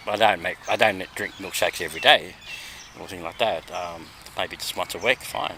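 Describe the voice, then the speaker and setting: A man with an Australian accent, hoarse and losing his voice, chatting in a rambling vlog with many ums and little laughs. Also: sits low, normal speed. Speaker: vlogger. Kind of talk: casual vlog chat. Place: walking outdoors. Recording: outdoor background noise.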